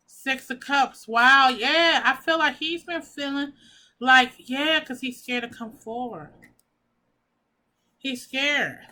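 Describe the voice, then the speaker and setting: High, bright-voiced emotional tarot reader woman. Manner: emotional, gushing, casual with swearing. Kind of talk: pick-a-pile tarot reading.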